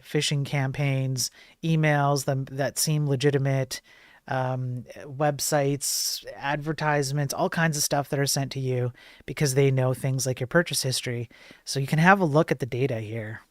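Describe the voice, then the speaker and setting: Speaking in a mid-range voice, a man runs a casual tech news livestream, rambling along with plenty of fillers and joking asides to his chat. The sound is dry and clean, like a studio.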